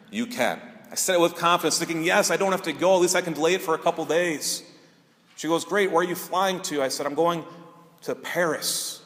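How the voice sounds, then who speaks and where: A man's voice: on the high side, a bit bright, big-room sound. A man, a priest, giving a sermon and telling a personal story in an earnest, conversational way.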